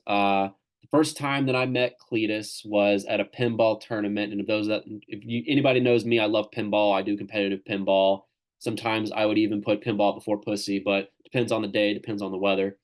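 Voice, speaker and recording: A man's voice: fairly low pitch, fairly even intonation, brisk. A man from Tennessee, casually hosting a literary reading on a video call, rambling and enthusiastic. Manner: loose, rambling and enthusiastic, with crude jokes. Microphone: video call microphone.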